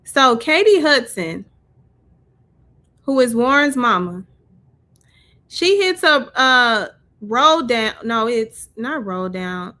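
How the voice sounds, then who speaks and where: A woman commenting on a livestream, sarcastic and blunt, breaking in loudly as she reads a post aloud. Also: a little high, big pitch swings, takes it slowly, pauses often. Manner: sarcastic, interjects loudly while reading.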